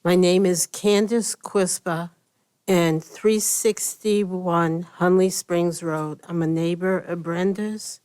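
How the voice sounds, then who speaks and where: Slow-speaking woman, lowish voice. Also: steady tone, a little mellow, smooth. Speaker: neighbor speaking at public comment. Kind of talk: public comment at a county meeting.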